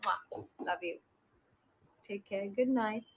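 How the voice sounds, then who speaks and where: A woman's voice: medium pitch, takes it slowly, a little hiss or hum, rough recording. A young woman with an Indian accent chatting affectionately with viewers on a live stream, greeting them by name and blowing kisses. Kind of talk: casual live-stream chat.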